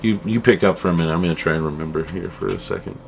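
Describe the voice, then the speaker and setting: A middle-aged man co-hosting a casual chat show, rambling and animated, calling his friend "dude" and "man". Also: low voice, rapid-fire, vocal fry, background noise. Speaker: podcast co-host.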